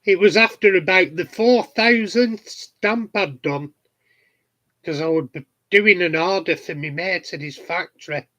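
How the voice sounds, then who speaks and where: A middle-aged hobbyist vlogger with a Yorkshire accent tells cheeky tales to his viewers, chatting casually from his home garden shed. His high voice comes across bright and forceful.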